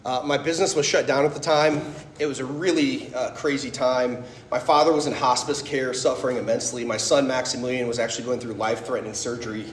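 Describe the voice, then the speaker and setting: A man's voice: mid-range voice, steady tone, quick pace, roomy sound, slight background noise. A man in his thirties giving a personal testimony talk, chatty and storytelling, often tossing in "like" and "right?". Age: 30s. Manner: conversational, storytelling, frequent "like" and "right?". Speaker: speaker giving a faith talk.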